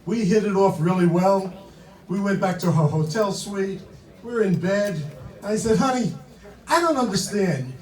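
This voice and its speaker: A man's voice: high voice, measured pace, mellow. Older man, stand-up comedian, punchy conversational delivery, roomy far-off sound. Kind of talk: stand-up routine. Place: comedy club stage with laughing audience. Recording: roomy hall, mic from far.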